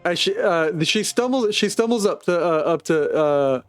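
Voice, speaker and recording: Male game master, fairly high voice, rambling narration, restarts a lot, faint music behind. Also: expressive, normal speed, clean tone, no echo.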